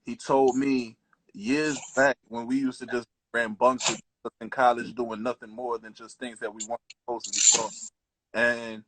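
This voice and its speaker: A man's voice: mid-range voice, level tone, normal speed, crowd noise, rough recording. A young adult man co-hosting a casual podcast, telling a laid-back, slangy story and acting out the lines people said to him. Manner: laid-back, slangy, acts out quoted dialogue. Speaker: podcast co-host.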